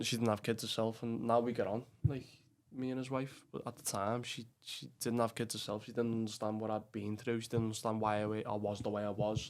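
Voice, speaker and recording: Rambling Scouse lad, flat monotone. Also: male voice, fairly low pitch. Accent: Liverpool Scouse. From England. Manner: rambling, heavy with fillers and swearing, says "lad" often. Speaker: podcast guest. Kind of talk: casual chat.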